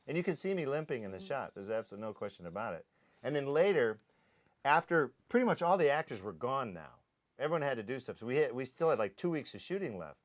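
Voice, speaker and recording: A man, an actor, recalling a film shoot in animated anecdotes, acting out the sounds and voices of the people he describes. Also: medium pitch, fast talker. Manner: lively storyteller who acts out sounds and voices.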